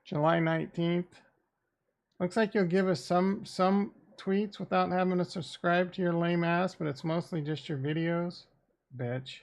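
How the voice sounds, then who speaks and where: This crypto streamer's voice sits high, his intonation fairly even and his pace moderate. Streaming casually, he mutters to himself into a desk microphone, and his remarks are blunt, sarcastic and profane.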